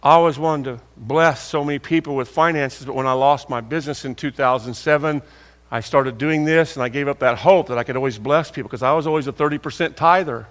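A brisk, mid-range, slightly bright male voice belongs to an older preacher telling stories to his congregation. His manner is folksy and conversational, he acts out dialogue, and long hall reverb colors the recording.

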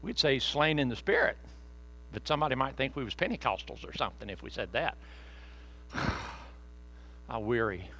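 Forceful, folksy preacher man. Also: mid-range voice, very animated, normal speed, pauses often, a little hiss or hum, rough recording. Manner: folksy, conversational, joking asides. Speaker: pastor. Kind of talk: sermon.

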